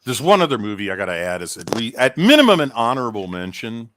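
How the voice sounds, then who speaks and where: A man's voice: medium pitch, sing-song, fast talker, a bit bright, no room sound. A man talking in a casual chat as a podcast co-host, telling stories in a rambling way with many restarts.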